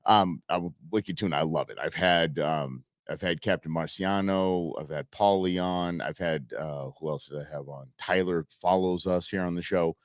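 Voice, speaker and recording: Deep-voiced man hosting a rambling talk show. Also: moderate pace, few pauses, no room sound, clean studio sound. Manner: rambling, animated, chatty with fillers and restarts. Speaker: radio show host. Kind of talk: casual radio talk.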